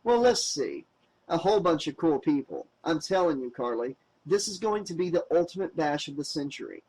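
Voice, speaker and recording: A man's voice: fairly high pitch, sing-song, normal speed, a little mellow, poor audio. A man voicing a smug teenage boy who brags and teases. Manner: teasing, boastful. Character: cocky teen boy, smug party guy. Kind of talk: audiobook character voice.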